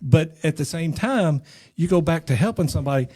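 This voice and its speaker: A man co-hosting a podcast in casual chat, animated and often repeating words as he starts a thought. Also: on the high side, a little fast. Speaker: podcast co-host.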